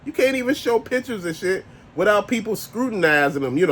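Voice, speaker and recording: A man's voice: high-pitched, sing-song, fairly quick, fairly bright tone, slightly rough. A married man ranting casually to camera as a toy collector vlogger, blunt, profane and exasperated. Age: adult, married.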